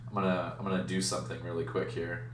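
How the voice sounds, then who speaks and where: A man's voice: low-pitched, fast, distant mic, noisy background. Man telling a story in an echoey room. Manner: animated, acts out other voices in his story. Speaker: streamer and card-break host. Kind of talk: casual storytelling on a live stream.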